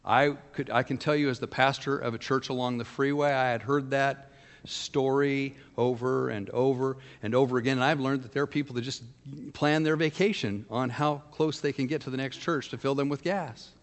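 Pastor preaching in a reverberant church. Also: male voice, medium pitch, steady tone, normal speed. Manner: conversational storytelling with frank personal asides. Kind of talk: sermon.

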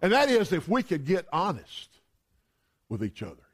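A man's voice: high voice, huge pitch swings, normal speed, slightly rough. A man preaching a sermon in a conversational way, telling humorous stories.

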